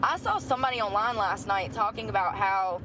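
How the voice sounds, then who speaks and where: A woman's voice: medium pitch, lively intonation, a little fast. A woman chatting in a rambling, gossipy vlog outdoors near a store. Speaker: vlogger. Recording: outdoor traffic noise.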